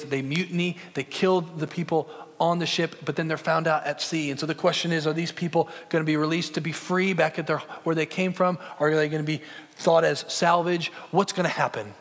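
A young man preaching a sermon in an earnest, conversational way. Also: on the high side. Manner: earnest, conversational with film references. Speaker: pastor. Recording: long hall reverb.

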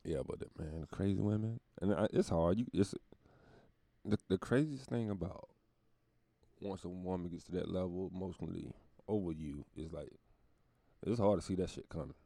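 A man's voice: sits low, moderate pace, creaky, long pauses, warm tone, no echo. A male comedian delivering a profane, rambling casual podcast monologue.

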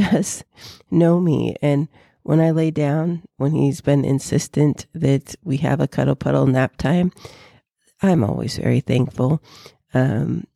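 A woman vlogger chatting casually to her viewers in an animated way. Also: low-pitched, vocal fry, no room sound, studio quality. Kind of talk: casual chat.

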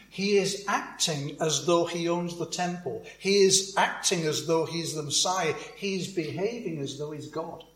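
A man's voice: fairly high pitch, unhurried, a bit bright, reverberant, low-quality recording. A man preaching a conversational sermon, with asides and repeated words.

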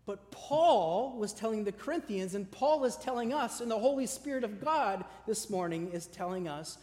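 A male pastor preaching a sermon with emphatic repeated lists, dropping to a soft conversational tone when he tells stories. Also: sits high, animated, normal speed, hardly any pauses. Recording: long hall reverb.

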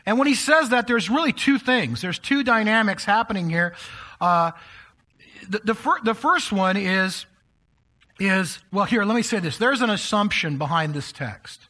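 A man's voice: high voice, expressive, moderate pace, pushed and bright. A man preaching a sermon to a live congregation in a church, speaking conversationally and addressing the listeners directly. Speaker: pastor.

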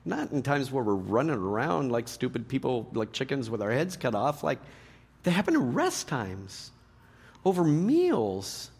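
A middle-aged man preaching a sermon to a live church audience, joking and animated, swinging between loud punchlines and hushed earnest points. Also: medium pitch, a little slow, gravelly, husky. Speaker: pastor.

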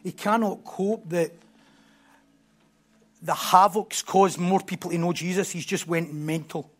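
A man preaching a sermon emphatically, repeating phrases and building to loud bursts. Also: high-pitched, steady tone, measured pace.

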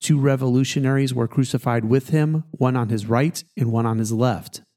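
Male pastor, scripture reading, steady measured delivery, warm dark voice. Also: medium pitch.

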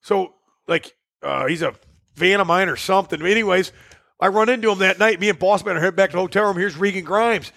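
Gravelly, high-voiced man telling stories. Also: fairly quick, no room sound, studio quality. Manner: laughing often, swearing, animated storytelling. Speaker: podcast co-host. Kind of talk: casual storytelling chat.

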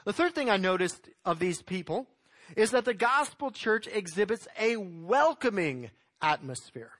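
A man's voice: high voice, sing-song, a little slow, fairly bright tone. A man preaching a sermon as pastor, reading scripture verses aloud and exhorting his congregation.

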